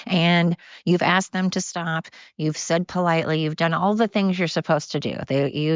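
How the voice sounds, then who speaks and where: A woman's voice: deep voice, dry recording, muffled recording. A woman podcast host talking casually and bluntly in a rambling rant, outdoors walking her dogs.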